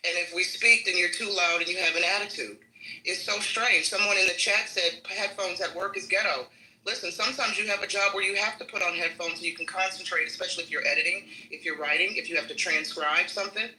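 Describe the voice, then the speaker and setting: High, bright voice answering chat comments. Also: male voice, fairly even intonation, a little fast, poor audio. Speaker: panel speaker. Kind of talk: live panel discussion.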